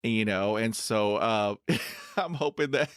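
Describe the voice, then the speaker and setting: Brief: middle-aged male host who stutters, deep, unhurried, lots of fillers, recorded dry. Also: fairly bright tone, smooth, dry recording. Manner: stutters with blocks and repeated sounds; many "you know" fillers, laughs easily. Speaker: podcast host. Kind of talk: casual conversational interview.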